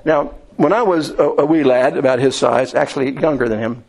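A man from Indiana preaching a sermon in a folksy, storytelling way, often restarting and filling pauses. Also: medium pitch, vocal fry, darkish tone, husky, poor audio. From Indiana, USA.

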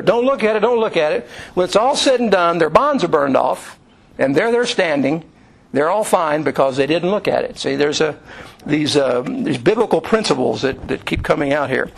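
A man's voice: fairly high pitch, gravelly. A man preaching a sermon to his congregation, telling a story in a loose, conversational way with many fillers and restarts. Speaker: pastor. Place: church room.

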